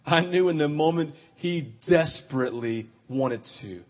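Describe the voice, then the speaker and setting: A man preaching a sermon in an animated, confessional way, swinging between loud outbursts and quiet, intimate stretches. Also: on the high side, unhurried, dull audio.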